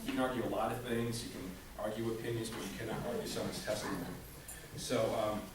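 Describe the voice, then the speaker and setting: A man's voice: fairly low pitch, fairly even intonation, quick pace. Joking male motivational speaker, echoey room. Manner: joking, conversational, with frequent rhetorical questions. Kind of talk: comedic motivational talk to a staff audience. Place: staff meeting room. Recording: very echoey room, mic far off, background noise. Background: audience laughter.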